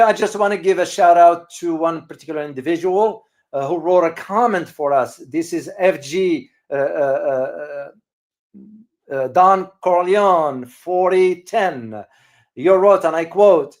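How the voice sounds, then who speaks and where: A man hosting a casual live-stream commentary, speaking emphatically to his viewers, repeating words for stress and pausing often with hesitations. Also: on the high side. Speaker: channel host and geopolitical commentator.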